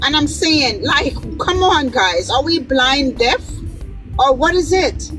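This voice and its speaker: High-voiced exasperated woman. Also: animated, slow, over music, rough recording. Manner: exasperated, pressing. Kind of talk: heated panel discussion.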